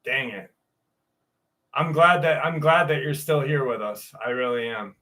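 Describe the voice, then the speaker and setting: A man's voice: medium pitch, measured pace, sharp tone. A man hosting a live stream, chatting casually with viewers by name, swearing freely, and reading out a story.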